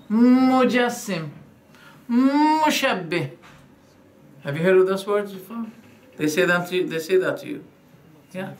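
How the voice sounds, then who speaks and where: A man giving a religious lecture, animated, firing rhetorical questions and acting out quoted dialogues. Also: high voice. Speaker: Islamic preacher.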